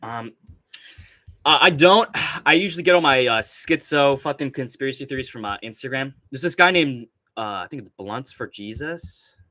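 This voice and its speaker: A young adult male streamer, animated and forceful, talks at a moderate pace in a bright, medium-pitched voice with no room sound. He rambles through foul-mouthed rants on his casual livestream, laughing frequently while going through chat.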